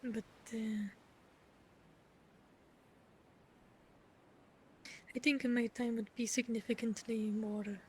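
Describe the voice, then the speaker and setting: Earnest awkward young adventurer woman voiced by a woman, halting, a bit high. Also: little pitch movement, breathy edge. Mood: tender. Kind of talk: in-character tabletop role-play.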